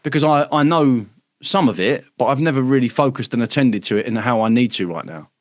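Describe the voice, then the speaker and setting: A brisk, mid-range male voice belongs to a UK man hosting an online workshop as a casual livestream for members. He talks emphatically, swears a lot, uses tags like "right?", and imitates other people's voices mid-talk, with no room sound.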